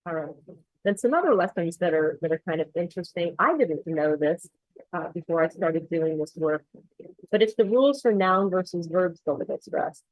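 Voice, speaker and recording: Female accent coach, low-pitched, dry close sound, explanatory screen-share walkthrough. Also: moderate pace, no echo, dull audio. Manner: explanatory, steady, with frequent ums.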